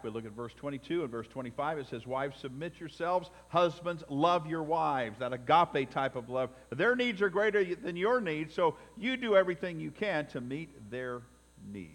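A man preaching a sermon as pastor, building to emphatic peaks and dropping to quiet, deliberate phrases. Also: a little high. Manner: emphatic preaching with swells and drops in loudness. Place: church sanctuary. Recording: long reverb in a hall.

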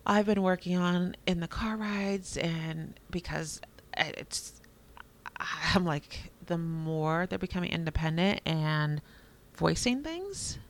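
A woman co-hosting a casual parenting chat, talking in a chatty, animated way and laughing often. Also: on the low side, slow. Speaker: podcast co-host.

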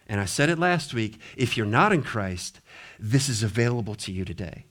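A middle-aged man preaching a sermon as pastor, impassioned, swinging between loud appeals and quiet, low asides. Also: very animated, normal speed. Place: church sanctuary.

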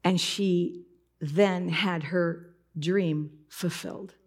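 A woman's voice: on the low side, fairly even intonation, very slow, darkish tone. A woman preaching a conversational, heartfelt sermon in church, telling a personal story with strong emotion. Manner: conversational, emotional, breaks into tears while retelling.

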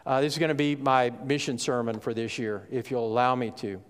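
A man, a pastor giving a conversational sermon full of "okay?" asides and brief pauses. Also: mid-range voice, steady tone, clear, resonant tone, in a large hall.

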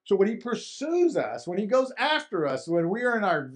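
Male pastor, casual, repeats words for emphasis, slightly high-pitched. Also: sing-song, measured pace. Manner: conversational, repeats and restarts for emphasis. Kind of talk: sermon.

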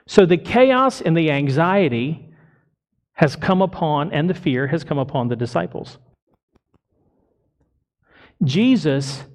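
A man's voice: fairly high pitch, darkish tone. A male pastor delivering a sermon to his congregation, emphatic and full of rhetorical questions. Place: church congregation.

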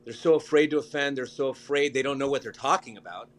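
A male news guest talks at an everyday middle pitch. He rambles happily from point to point and lights up with enthusiasm as he chats. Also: quick pace. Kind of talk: casual interview chat.

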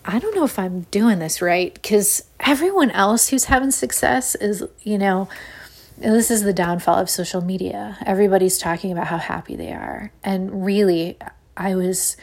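A woman, hosting a casual solo podcast in a chatty, animated way with Valley Girl-ish phrasing. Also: medium pitch, vocal fry. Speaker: podcast host.

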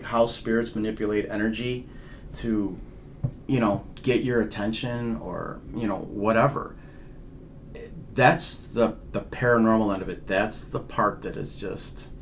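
There's slight background noise as a man with a lowish voice co-hosts a casual ghost-hunting podcast. He's a paranormal investigator whose talk wanders, his sentences often starting over.

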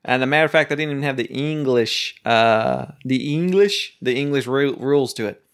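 A man's voice: mid-range voice, moderate pace, clean tone. Male podcast co-host, casual, long-winded explainer with a grumbling rant streak. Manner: ranting, explains games at length. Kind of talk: casual chat.

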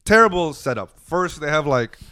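A man, a stand-up comedian, telling a story in casual podcast chat. He is animated and swears freely, acting out the dialogue of the people in his story. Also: fairly high pitch, moderate pace, clear, resonant tone, dry recording, clean studio sound.

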